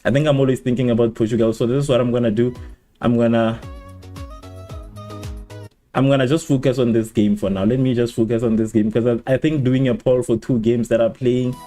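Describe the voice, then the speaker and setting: A man hosting a live football watchalong, rambling and repeating himself, who laughs at his own slips and jumps high in pitch at exciting moments. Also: fairly quick, faint music behind. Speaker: watchalong host. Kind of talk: live match watchalong chat.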